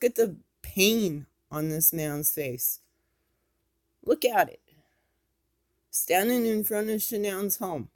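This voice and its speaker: Woman vlogger, impassioned and scolding, slow delivery. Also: medium pitch. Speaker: YouTube commentator. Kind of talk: angry commentary vlog.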